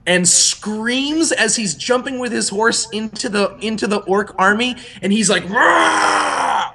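A young man co-hosting a podcast, talking casually in a rambling, animated way that often breaks off and restarts. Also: high-pitched. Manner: rambling, self-interrupting, animated. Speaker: podcast co-host.

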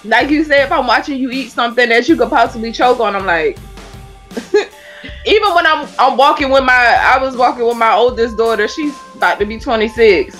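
A woman's voice: on the high side, brisk, soft background music. A woman co-hosting a podcast, chatting casually about parenting with easy laughter. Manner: relaxed, laughing, conversational. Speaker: podcast co-host. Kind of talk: casual chat.

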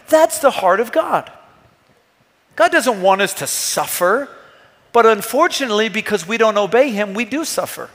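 Male pastor, thirties, bright high voice, earnest emphatic sermon, long church reverb. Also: expressive, moderate pace. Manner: earnest, emphatic preaching with rhetorical questions. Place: church hall.

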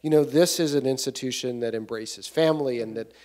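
A man's voice: mid-range voice, fairly quick, darkish tone. Middle-aged man hosting onstage interview. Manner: rambling, stop-start, repeats words. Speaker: museum director, interviewer. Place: museum event space before an audience.

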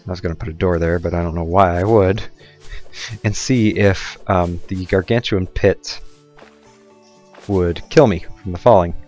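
A man's voice: sits low, steady tone, measured pace, pauses often, a little mellow, soft background music. A young man casually commenting on his own gameplay, rambling with goofy, self-mocking asides. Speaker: let's play gamer.

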